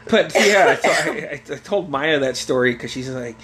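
A young man telling a family story in casual chat, swearing freely and bursting into loud acted-out quotes and laughter. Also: mid-range voice, normal speed, crowd noise. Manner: animated storyteller, swears a lot, acts out quotes loudly with laughter.

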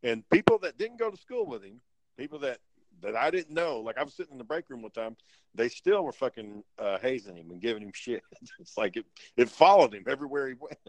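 A man's voice: mid-range voice, very animated, a little fast, dry recording, poor audio. A man telling a rambling story among friends, swearing often and restarting his sentences. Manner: rambling, profane, with many restarts. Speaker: storyteller in a casual chat. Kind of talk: casual profane chat among friends.

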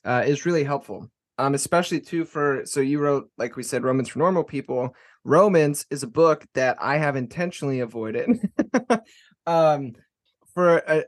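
A man hosting a podcast interview in casual conversation, rambling and halting with many fillers and restarts. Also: medium pitch. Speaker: podcast host.

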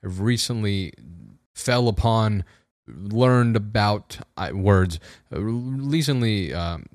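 A young man hosting his own podcast, talking casually in a slightly raspy voice, rambling in a wry, self-deprecating way with frequent restarts. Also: fairly low pitch, slow, no echo, studio quality. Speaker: podcast host. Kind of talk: casual solo podcast monologue. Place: room at home with a camera on a tripod.

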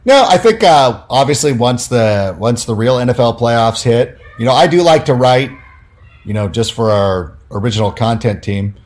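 A man's voice: medium pitch, normal speed. A man, a sports writer, telling stories casually in an interview, full of fillers and acted-out quotes. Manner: animated, many fillers, acts out quoted dialogue.

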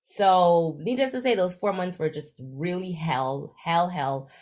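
A young woman from Jamaica, telling her story as an interview guest in a casual, animated way and acting out the dialogue she quotes. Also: a little slow. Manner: animated, acts out quoted dialogue with big jumps in pitch. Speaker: guest, travel influencer.

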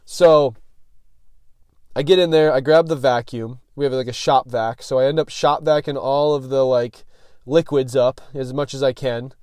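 A man's voice: mid-range voice, fairly even intonation, moderate pace, darkish tone, smooth, dry recording, studio quality. A young man hosting a podcast, telling a personal story in a loose, slangy way, full of "like" and "dude", and swearing freely. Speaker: podcast host.

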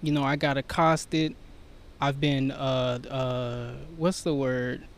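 Soft-spoken reflective man, clear voice. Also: mid-range voice, fairly even intonation, slow pace. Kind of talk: casual chat.

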